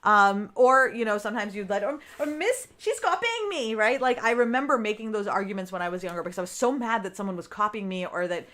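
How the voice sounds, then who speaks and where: A woman's voice: mid-range voice, fairly even intonation, fast, few pauses, a bit bright. Chatty woman coach talking to viewers. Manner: chatty, keeps asking "right?"; talks straight to her viewers. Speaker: business coach. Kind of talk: live-streamed podcast chat.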